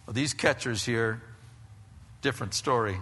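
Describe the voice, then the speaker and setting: A male pastor giving a sermon in a church, animated and conversational, often restarting his phrases. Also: medium pitch, a little slow, long reverb tail, slight background noise.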